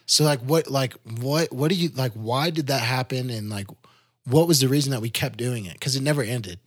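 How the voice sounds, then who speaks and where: A man's voice: medium pitch, fairly quick, no echo, studio quality. A young man chatting casually about a trip with a friend, easygoing and agreeable with lots of fillers. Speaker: expedition member. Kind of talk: casual podcast chat.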